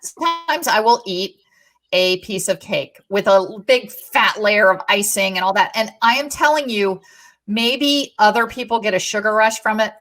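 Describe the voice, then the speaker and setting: A middle-aged woman, a guest and podcast co-host, telling stories in a lively, emphatic way during a casual conversation. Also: medium pitch, normal speed.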